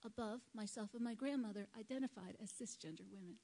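A woman delivers a prepared talk at a live event, measured and earnest. Her voice sits at an ordinary middle pitch for a woman. She speaks into a microphone at a lectern. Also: dark tone, rough recording.

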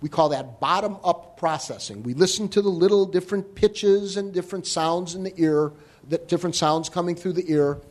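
A man giving a live talk to an audience on hearing and listening, explaining in an animated way with joking asides. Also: on the high side. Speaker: hearing health lecturer.

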